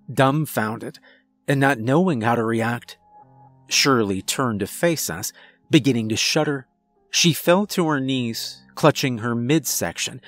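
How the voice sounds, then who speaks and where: A man narrating a scripted first-person horror story in a slow, steady storytelling manner. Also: medium pitch, no room sound.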